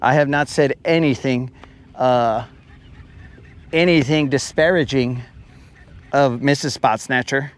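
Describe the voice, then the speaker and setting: A man's voice: medium pitch, fairly even intonation, slow, long pauses. A man hosting a live fishing stream from a boat, chatting casually in a playful, rambling, slang-heavy way. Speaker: fishing livestream host. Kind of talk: casual chat. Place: boat on a lake, outdoors.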